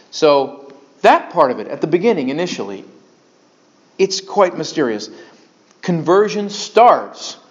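Pastor, male, lively sermon voice with big swings, slightly high, dull lo-fi recording. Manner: animated, conversational preaching with sudden emphatic bursts. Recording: dull lo-fi sound.

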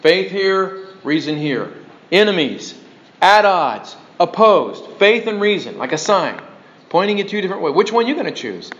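A man's voice: high voice, moderate pace. Lo-fi conversational male preacher. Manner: conversational, animated, with frequent restarts and checking questions. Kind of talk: sermon.

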